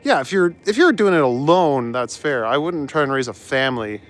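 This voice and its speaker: A man's voice: mid-range voice, animated, fairly quick, fairly bright tone. A young man in casual chat as a live streamer, walking outdoors through city streets and chuckling as he answers his chat. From Canada. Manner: laid-back, chuckles often, reads out chat.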